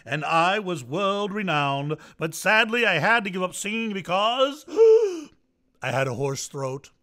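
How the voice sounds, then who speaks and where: A man voicing a very old, gentle male horse in a children's story, obliging and slow in manner. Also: sits high, animated, full character voice. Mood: proud.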